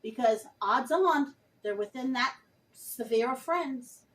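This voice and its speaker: A woman's voice: high-pitched, expressive, slow pace, recorded from a distance, poor audio. A woman vlogger speaking passionately and emphatically, addressing her viewers directly. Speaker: vlogger reviewing a book. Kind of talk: earnest direct-to-camera talk.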